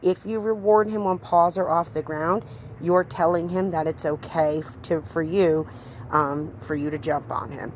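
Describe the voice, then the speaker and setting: A woman dog trainer giving a hands-on demonstration, explaining calmly between short firm commands to the dog. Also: low-pitched, measured pace, slight background noise.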